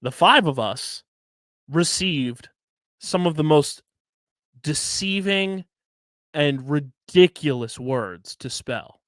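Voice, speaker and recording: A man's voice: on the high side, slow, pauses often, no echo, studio quality. A man, co-hosting a casual podcast and telling stories with lots of swearing. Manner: animated storytelling, swearing, spells words letter by letter. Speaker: podcast co-host.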